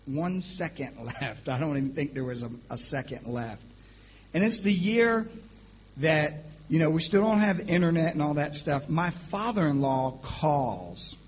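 Man, high husky voice, slow unhurried sermon delivery, excitable storyteller, dull lo-fi church recording. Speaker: guest preacher.

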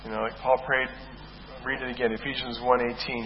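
A man preaching a sermon with emphatic delivery, checking in with "right?" and slowing down to read scripture. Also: mid-range voice, little pitch movement. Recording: dull echoey hall recording with faint hiss.

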